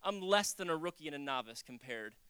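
Lively, bright-voiced preacher. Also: medium pitch, a little fast, smooth, no echo. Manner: animated, acts out quotes, jokes. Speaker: pastor. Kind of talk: conversational sermon.

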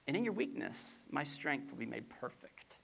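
A middle-aged pastor delivers a sermon in a bright, crisp voice. The pitch swoops widely as they move between playful acted-out asides and hushed, low emphasis, with many rhetorical questions. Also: very animated, normal speed, a little hiss or hum. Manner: drops to a soft, low voice on key lines.

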